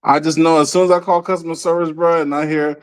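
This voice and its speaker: A man on a casual group call, telling a relaxed story and doing quick impressions. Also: on the high side.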